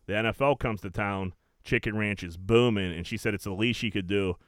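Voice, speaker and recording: A man's voice: on the low side, a little fast, dry recording, clean studio sound. A man hosting a podcast, chatting casually and crudely, saying dude a lot. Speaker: podcast host. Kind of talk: casual banter.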